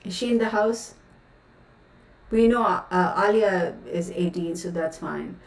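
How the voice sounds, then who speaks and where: A woman with a lowish voice speaks slowly, ranting outspokenly and in exasperation with lots of fillers. She's a tarot reader hosting a casual livestream chat. The distant mic gives a roomy, echoey sound.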